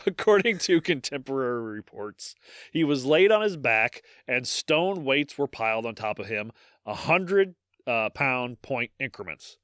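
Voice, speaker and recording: A man's voice: medium pitch, very animated, unhurried, a bit bright, no echo. A man co-hosting a podcast, reading history aloud and breaking off into profane, joking asides. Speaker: podcast co-host.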